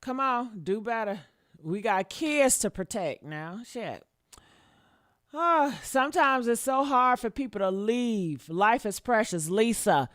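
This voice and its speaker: A woman's voice: fairly high pitch, animated, takes it slowly, no echo, studio quality. A woman doing reaction commentary on a livestream, blunt and profane, repeating her points and talking straight to her viewers. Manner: talks straight to her chat, asks for likes.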